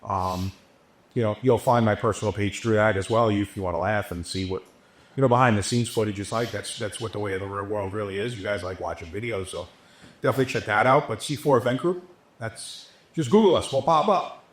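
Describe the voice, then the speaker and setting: A man's voice: lowish voice, brisk. A man who runs an entertainment business, telling stories as a podcast guest in a casual, profane way and acting out what people said. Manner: profane, animated, acts out quotes. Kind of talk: casual interview storytelling. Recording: roomy echo.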